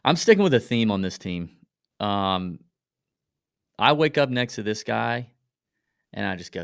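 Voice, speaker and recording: A man's voice: on the low side, a little slow, vocal fry, pauses often, clean tone, dry recording, studio quality. A man co-hosting a podcast, chatting casually and acting out jokey little scenes. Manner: animated, jokey, acts out silly bits. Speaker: podcast co-host. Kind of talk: casual chat.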